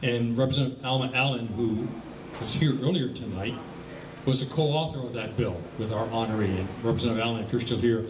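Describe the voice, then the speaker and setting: A man with a measured, formal delivery, presenting an award at an evening event. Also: medium pitch. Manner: measured and formal, read from notes. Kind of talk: prepared speech at an awards event. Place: banquet hall. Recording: echoey hall from far off with faint noise.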